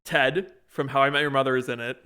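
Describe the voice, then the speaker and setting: Bright-voiced young man, rambling. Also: mid-range voice, steady tone, fast talker, clear, resonant tone. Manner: rambling, many restarts and fillers while retelling a show. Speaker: podcast co-host. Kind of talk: casual chat.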